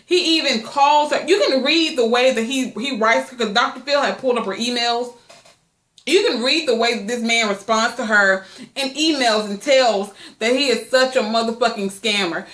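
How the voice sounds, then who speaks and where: A woman's voice: fairly high pitch, sharp tone. A woman vlogging in a casual chat, blunt and profane, rambling and long-winded. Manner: profane, blunt gossip commentary. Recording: echoey room.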